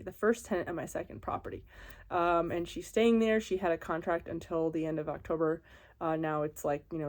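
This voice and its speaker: A woman with a somewhat low voice recounts a story in a casual vlog. She rambles with many "like"s and "um"s, her telling tense and worked up. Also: a little mellow. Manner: rambling, filler-heavy, anxious retelling. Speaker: vlogger and landlord.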